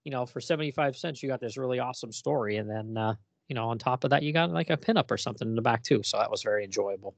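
A man's voice: medium pitch, very fast, vocal fry, no echo. A man hosting a comics podcast in casual chat, rambling with lots of fillers and easy laughs. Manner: relaxed, rambling, many fillers, laughs often. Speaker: podcast host.

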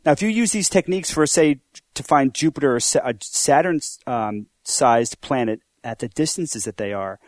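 A man's voice: medium pitch, lively intonation, normal speed, dry recording. Hesitant man with a dry sound. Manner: hesitant, repeats words. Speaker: podcast co-host. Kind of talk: casual science chat.

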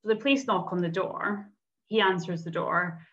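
A woman's voice: on the low side, normal speed. Woman telling a true-crime story. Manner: animated storyteller, acts out quotes. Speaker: podcast co-host. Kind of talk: casual true-crime chat. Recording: slightly dull lo-fi sound.

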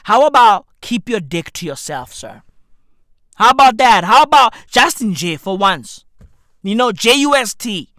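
A comedic host ranting profanely, with slang and repeated "bruv", swinging between shouting and muttering. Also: medium pitch, no echo, studio quality. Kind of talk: comedic rant.

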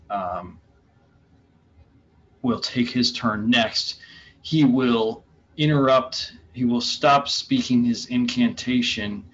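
A man's voice: fairly low pitch, gravelly. A man running a tabletop game as game master, narrating in a hesitant way with many fillers and restarts. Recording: dull lo-fi sound with faint room noise.

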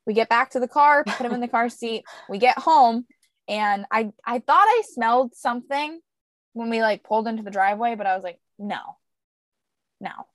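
A young woman co-hosting a podcast, telling a lively story about her baby in casual chat with animated, expressive delivery. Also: fairly quick, dry recording. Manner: animated storyteller, squeaky voices for quoted baby. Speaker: podcast co-host; young mother.

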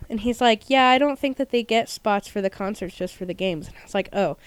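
Smooth-voiced chatty woman podcast host. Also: medium pitch, fairly quick. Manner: chatty, rambling storyteller with frequent fillers. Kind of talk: casual chat.

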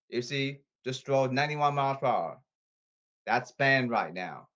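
A man rambling to his audience, reading rules off his phone and repeating himself insistently, with halting restarts. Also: medium pitch, sharp tone. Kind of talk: rambling monologue to camera.

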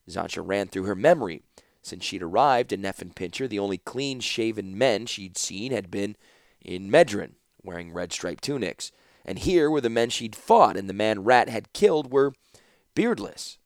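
A man narrating a fantasy audiobook in a dramatic, expressive storytelling manner. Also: lowish voice, moderate pace, gravelly, no room sound, studio quality.

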